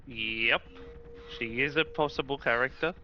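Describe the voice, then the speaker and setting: A man's voice: mid-range voice, measured pace. A man giving terse, dry remarks as a backseat co-commentator on a game. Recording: dull lo-fi line with faint clicking noise.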